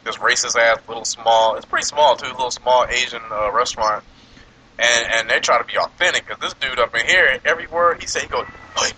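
A man's voice: mid-range voice, a little fast, crowd noise, rough recording. A man hosting a podcast in casual chat, telling stories with lots of laughs while eating. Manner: animated storytelling, laughs a lot. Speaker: podcast host.

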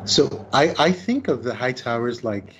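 Brief: male podcast co-host, mid-pitched, thoughtful and speculative, slightly dull lo-fi sound. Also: expressive, a little slow, slightly rough. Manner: musing, speculative. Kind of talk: casual podcast discussion.

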